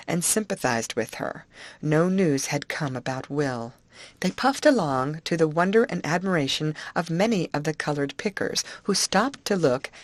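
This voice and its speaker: A woman reading an adventure audiobook with expressive storytelling. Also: sits low, no room sound. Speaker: audiobook narrator.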